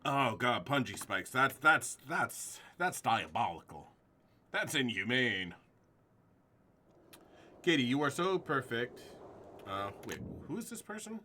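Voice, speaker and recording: Man, game streamer, live horror playthrough, lively swinging pitch, forceful tone, swears and yelps at scares. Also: takes it slowly, long pauses, slight background noise. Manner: jumpy, swears and yelps at scares, chats with viewers.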